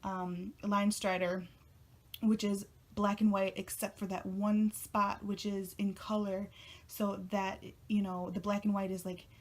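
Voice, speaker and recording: A woman's voice: mid-range voice, level tone, measured pace. Gushing young woman vlogger. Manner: gushing, emotional, chatty. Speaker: tarot vlogger. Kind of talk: casual video chat.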